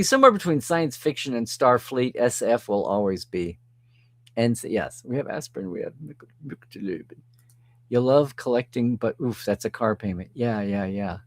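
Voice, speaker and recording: A man's voice: mid-range voice, no echo. Male live-stream host, casual, answers chat, dry close sound. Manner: chatty, reads and answers comments, chuckles often.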